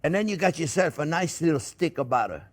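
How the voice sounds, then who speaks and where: Slightly fast and animated, this older French-accented man's voice sits on the high side as he walks through a recipe in his kitchen. As the host of a casual cooking show, he chatters away, says things more than once, and addresses the audience as friends.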